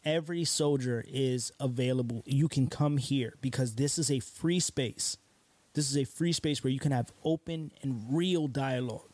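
A man's voice: mid-range voice, normal speed, darkish tone, dry recording. A man hosting a casual podcast, talking straight to listeners in an earnest, encouraging way and often checking in with "right?". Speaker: podcast host.

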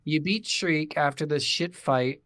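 A man co-hosting a casual game review podcast, animated, swearing freely and acting out his reactions. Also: fairly high pitch, unhurried, a crowd in the background. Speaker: podcast co-host.

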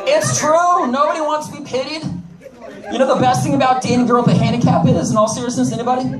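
High-voiced brash stand-up comic man. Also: steady tone, fast, echoey room, far from the mic, over music, a crowd in the background, rough recording. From United States. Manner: brash, joking asides to the audience. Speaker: stand-up comedian. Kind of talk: stand-up comedy set. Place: comedy club stage.

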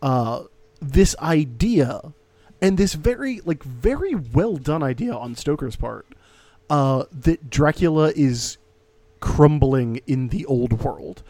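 A man co-hosting a casual movie podcast, wry and profane, building up to loud punchlines. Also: fairly high pitch, expressive, takes it slowly, no echo. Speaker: podcast co-host.

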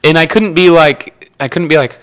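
A man's voice: fairly high pitch, moderate pace. A young man from Nebraska chatting casually as a podcast guest, rambling through stories, correcting himself and laughing often. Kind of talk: casual chat.

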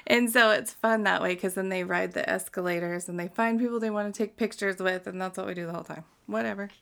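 A woman's voice: mid-range voice, steady tone, quick pace, gravelly, a bit bright. A woman in her thirties from Utah, chatting casually and telling stories with plenty of swearing and laughter. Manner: profane, laughing storyteller. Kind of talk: casual chat.

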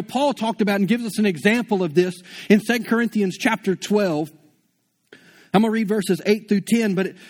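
A pastor preaching a sermon in a conversational way, asking rhetorical questions and often repeating words as he goes. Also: high-pitched.

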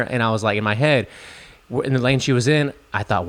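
A man's voice: medium pitch, quick pace, a bit bright. A man co-hosting a podcast, earnestly telling stories and giving advice. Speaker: podcast co-host. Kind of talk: casual podcast chat.

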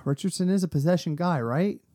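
A man co-hosting a casual fantasy football podcast, animated and quick to exclaim, a little tipsy from drinking. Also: high voice. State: has been drinking. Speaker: podcast co-host.

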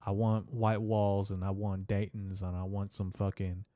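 A man's voice: fairly low pitch, completely flat delivery, moderate pace, hardly any pauses, warm tone, no echo. A man hosting a podcast, ranting in a profane, rambling, emphatic comedic way into a close mic. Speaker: podcast host. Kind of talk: casual comedic rant.

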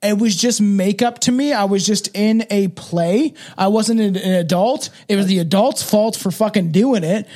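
A man with a notably high voice hosts a casual podcast chat. He rambles through stories, full of fillers and restarts. He sounds like a man in his thirties from Canada. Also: normal speed, few pauses, a little mellow. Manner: rambling storytelling with frequent fillers and laughs. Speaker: podcast host.

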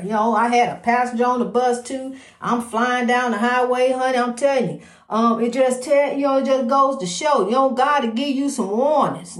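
A woman hosting an inspirational program, talking spontaneously in a preachy, repetitive way and calling the listener "honey.". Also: fairly high pitch. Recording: roomy echo.

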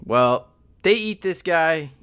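A man's voice: fairly high pitch, lively intonation, a bit bright, smooth. Male podcast co-host recapping a film loosely, chatty and rambling, quotes characters in passing. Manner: rambling plot recap with quick voiced quotes. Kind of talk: casual movie review chat.

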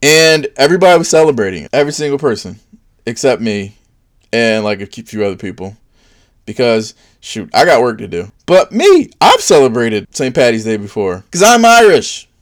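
A man delivers a sarcastic, stand-up style comedic monologue in a very animated voice at a moderate pace, swinging into high, mocking put-on voices for his bits.

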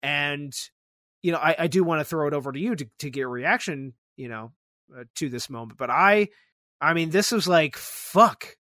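A young adult man hosting a podcast, talking in a casual, animated way with a fair bit of swearing. His voice sits a little higher than most men's. The sound is close and dry, with no room around it. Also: normal speed, dry recording. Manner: animated retelling, swears freely. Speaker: podcast host. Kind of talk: casual chat.

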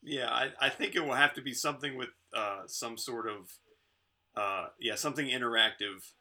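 Man with a very bright, sharp voice. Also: medium pitch, moderate pace. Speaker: podcast guest. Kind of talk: casual chat.

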